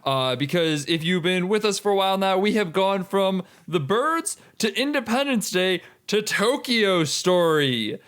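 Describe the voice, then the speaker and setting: High-voiced podcast host, joking. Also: male voice, animated, unhurried, hardly any pauses, a bit bright. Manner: wry, joking banter. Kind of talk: casual chat.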